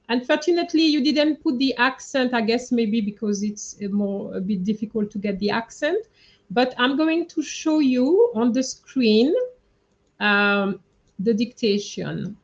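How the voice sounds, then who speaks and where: A woman teaching French in an online class, slowly going over a dictation and checking in with "okay?" as she explains. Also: on the high side, darkish tone, muffled recording. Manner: slow, patient, explains with frequent "okay?" checks.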